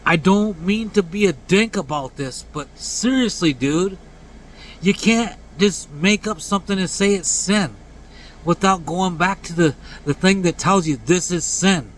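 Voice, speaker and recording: Late-forties man, casual preachy rant to camera; blunt, earnest, pitched a touch high, faint vehicle noise behind. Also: a little slow, rough recording. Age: 40s. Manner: blunt and earnest, drops to low mumbled tags at line ends. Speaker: vlogger.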